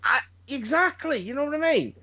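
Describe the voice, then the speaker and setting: A man's voice: extremely high pitch, lively intonation, brisk, vocal fry, bright, forceful tone, lo-fi sound. A man on a podcast, chatting casually and telling stories in a rambling way, swearing and restarting his sentences often. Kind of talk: casual chat.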